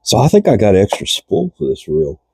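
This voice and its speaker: Very deep, gravelly man with a chest cold. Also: huge pitch swings, fairly quick, dark tone, no echo. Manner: folksy, chatty, addresses viewers as folks. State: congested with a cold, coughing and clearing throat. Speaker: reel repair channel host. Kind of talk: casual repair tutorial. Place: cold home garage.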